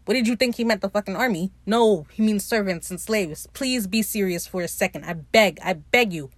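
A young woman hosting a podcast, recapping a TV episode in an animated, profane, teasing way. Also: medium pitch, brisk, no echo. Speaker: podcast host.

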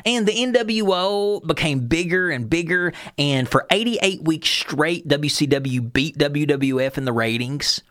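A man with a slightly high voice tells old wrestling stories with real enthusiasm. He acts out the lines he quotes. The sound is dry and close. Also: lively intonation, unhurried, hardly any pauses, fairly bright tone, dry recording. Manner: enthusiastic storytelling, quoting lines. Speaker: podcast host. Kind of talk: casual chat recapping wrestling history.

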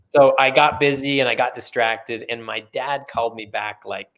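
A retired middle-aged man being interviewed, telling relaxed, anecdotal stories with many fillers. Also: medium pitch, normal speed. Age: middle-aged or older, retired. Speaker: guest, author and former company sales leader. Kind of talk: conversational storytelling.

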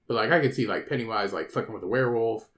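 A man's voice: lowish voice, rapid-fire, fairly bright tone, reverberant. A man co-hosting a podcast, talking in a rambling, casual way, swearing a lot and laughing often. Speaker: podcast co-host. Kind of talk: casual chat.

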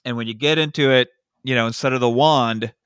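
A man co-hosting a podcast, retelling a movie in a relaxed, joking way with frequent swearing. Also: medium pitch, brisk, clear, resonant tone, no room sound, clean studio sound. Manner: laid-back storytelling with profanity and frequent laughs. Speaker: podcast co-host. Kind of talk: casual movie recap chat.

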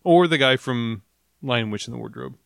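A man co-hosting a comedy podcast, chiming in with wry jokes and quick interjections. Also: medium pitch, gravelly, a bit bright, no echo, clean studio sound. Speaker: podcast co-host. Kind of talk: casual comedic banter.

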